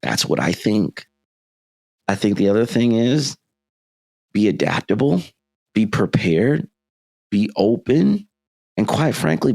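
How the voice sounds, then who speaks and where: A man hosting a solo podcast, talking in emphatic lists and switching between fast and slow delivery. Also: fairly low pitch, vocal fry, a little mellow, no room sound. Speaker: podcast host.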